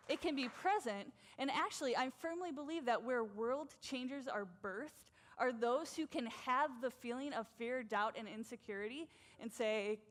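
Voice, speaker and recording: A woman in her thirties preaching a sermon, animated and emphatic, often saying "like". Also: high-pitched, moderate pace, hardly any pauses.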